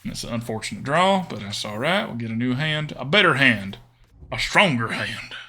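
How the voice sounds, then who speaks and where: A man's voice: mid-range voice, very animated, normal speed, sharp tone. A man streaming a card game, chatting casually with his viewers in a jokingly put-on twangy drawl. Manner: chatty, talks to chat viewers.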